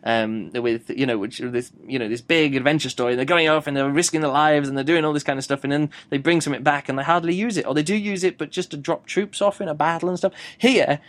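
A man's voice: fairly high pitch, fast, hardly any pauses. A man giving a casual audiobook review, rambling and thinking aloud as he goes. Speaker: book reviewer.

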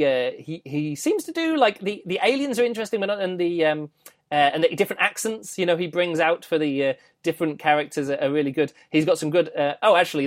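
A man's voice: on the high side, no room sound, clean studio sound. A man hosting a podcast, reviewing a book in a casual, rambling way, with many fillers and restarts.

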